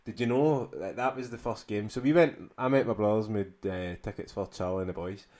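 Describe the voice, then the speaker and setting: A man's voice: on the low side, fairly quick, a little mellow. A young man with a Glasgow accent co-hosts a podcast. He talks bluntly and swears freely in laddish chat. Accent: Glaswegian. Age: young adult. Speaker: podcast co-host. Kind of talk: casual chat.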